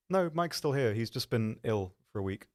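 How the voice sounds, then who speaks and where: A man hosting a live stream, chatting casually in a rambling, self-deprecating way with lots of ums. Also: medium pitch. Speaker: stream host.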